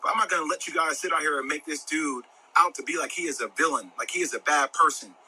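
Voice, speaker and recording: A man's voice: on the high side, quick pace, bright, forceful tone, poor audio. A man giving impassioned commentary, passionate and insistent. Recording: faint background noise.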